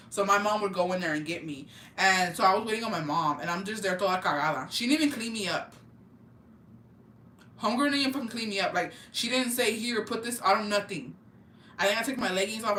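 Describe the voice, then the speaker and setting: Brief: young woman vlogger, animated, swears constantly, bright voice, roomy echo. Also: medium pitch, fast talker, a little hiss or hum. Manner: profane, animated, slangy storytelling. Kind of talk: storytime vlog. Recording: echoey room, mic at a distance, faint ambience.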